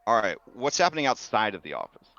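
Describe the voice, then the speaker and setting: GM, male, lively low voice over muffled stream audio, deadpan humor. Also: quick pace, dry recording. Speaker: game master. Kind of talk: narrating a tabletop game.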